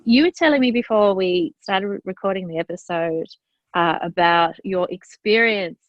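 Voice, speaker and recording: A woman's voice: mid-range voice, normal speed, no echo. A woman hosting an interview podcast, asking encouraging, attentive questions. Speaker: podcast host. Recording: dry, slightly dull audio.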